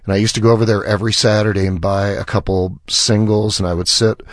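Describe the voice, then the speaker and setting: A man's voice: fairly low pitch, fast, no room sound, clean studio sound. A man guest on a radio show, telling a long story and acting out the lines of the people in it. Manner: animated storyteller who acts out quoted dialogue. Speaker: musician guest.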